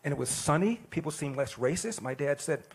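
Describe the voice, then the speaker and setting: A man in his sixties giving an animated, plain-spoken storytelling speech. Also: a little high, a little fast, slightly rough. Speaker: speaker at an event.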